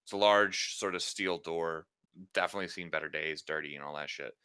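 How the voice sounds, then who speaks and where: A man running a tabletop role-playing game as game master, with a very low voice that still sounds bright and crisp. He describes each scene loosely, filling it with fillers and restarts. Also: fairly quick. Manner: rambling descriptions full of fillers and self-corrections; laughs often between lines.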